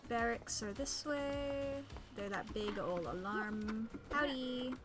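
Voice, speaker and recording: A woman's voice: fairly high pitch, takes it slowly. A woman streaming a game, chatting casually and playfully, thinking aloud and humming silly noises. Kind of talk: casual gameplay commentary. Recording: game music behind.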